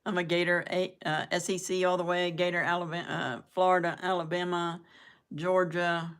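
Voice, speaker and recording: Older lady with a low voice, rambling and chatting away to her viewers, laughs at her own jokes. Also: little pitch movement, moderate pace, a bit bright, clear, resonant tone. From southern United States. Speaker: live-stream host chatting with viewers. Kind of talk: casual chat.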